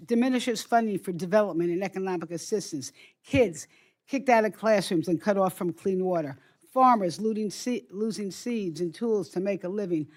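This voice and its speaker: An older woman giving prepared opening remarks at a hearing, emphatic and forceful, with some stumbles and restarts. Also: medium pitch. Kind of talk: prepared floor speech. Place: hearing room.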